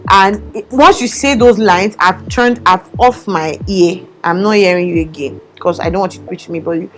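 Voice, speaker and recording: Animated woman vlogger. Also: medium pitch. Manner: animated, expressive storytelling. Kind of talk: casual chat. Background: faint background music.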